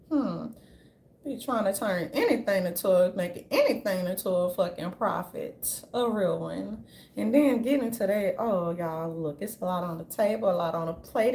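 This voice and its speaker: A woman giving an unscripted commentary rant, brash and profane, with a sassy, animated delivery. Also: medium pitch, normal speed, a little hiss or hum. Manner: brash, profane, sassy, repeatedly says "darling"; animated, jumps into mocking voices. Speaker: commentary vlogger.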